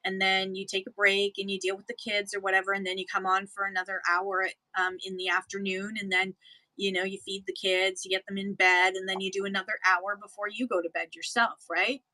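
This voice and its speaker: A woman's voice: medium pitch, little pitch movement, a little fast, bright, forceful tone, dry recording, rough recording. A woman from Canada, co-hosting a casual chat about livestream selling, explaining in a rambling, self-correcting way. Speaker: livestream seller and co-host.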